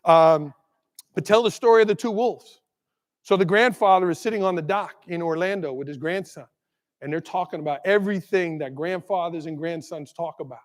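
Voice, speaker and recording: A middle-aged man giving an animated keynote talk, telling jokes and stories and asking the audience questions. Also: high voice, moderate pace. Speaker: keynote speaker. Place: large conference hall. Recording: long hall reverb.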